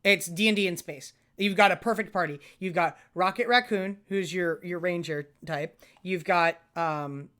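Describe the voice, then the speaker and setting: A man with a high-pitched, sharp-toned voice talks at a normal speed as a podcast co-host. The casual chat is rambling, full of fillers and restarts.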